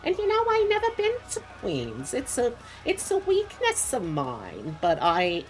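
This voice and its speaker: A woman's voice: medium pitch, wildly swooping pitch, measured pace, few pauses, faint music behind. A woman VTuber chatting casually while she draws on stream, rambling with lots of asides.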